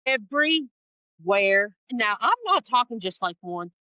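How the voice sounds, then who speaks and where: Woman, interview guest, bright forceful voice, emphatic storytelling, slightly muffled sound. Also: medium pitch, slow, no echo. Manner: expressive, acts out quoted voices, emphatic repetition. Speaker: podcast guest, spiritual guide. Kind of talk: animated storytelling in conversation.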